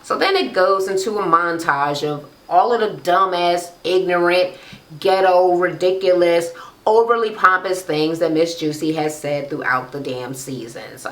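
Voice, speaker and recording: A woman's voice: lowish voice, moderate pace. A woman casually recapping a reality show episode, with sassy, profane, mocking commentary. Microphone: camera microphone. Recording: roomy, echoey room.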